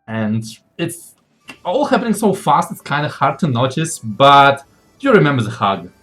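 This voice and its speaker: A man narrating as game master of a tabletop game, relaxed and quick to laugh at himself. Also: mid-range voice, faint music behind.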